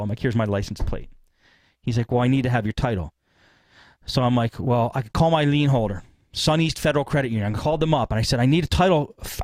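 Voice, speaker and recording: A man hosting a podcast, telling a long story in a rambling, animated way and acting out what people said. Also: medium pitch, dry recording. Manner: rambling, animated retelling with acted-out quotes. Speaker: podcast host. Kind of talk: casual storytelling.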